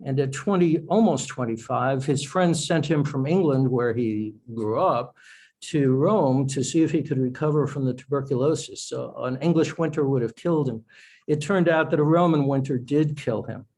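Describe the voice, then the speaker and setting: A man's voice: mid-range voice, moderate pace, darkish tone, rough recording. A man, an author, speaking as a guest in a podcast interview, explaining in a thoughtful, self-correcting way.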